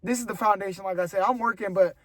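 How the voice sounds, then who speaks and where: A man's voice: high-pitched, fast, noisy background. A young man vlogging casually to the camera, earnest and rambling, giving motivational talk and calling his viewers "bro". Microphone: camera mic.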